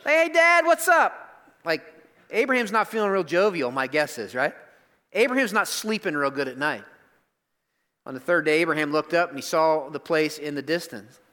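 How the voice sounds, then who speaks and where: High, bright-voiced preacher in a reverberant hall. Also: male voice, animated, a little fast. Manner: conversational, emphatic preaching. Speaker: pastor. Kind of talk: sermon.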